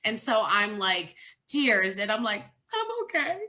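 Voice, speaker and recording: A woman's voice: mid-range voice, measured pace, bright, forceful tone. A pregnant woman talking candidly and from the heart as the featured guest in a casual chat about motherhood.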